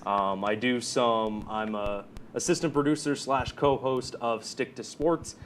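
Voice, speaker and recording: A man's voice: mid-range voice, steady tone, a little slow. Young guy guest on student tv, laid back, um's and uh's, faint hiss. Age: young adult. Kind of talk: casual studio chat. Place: campus TV studio.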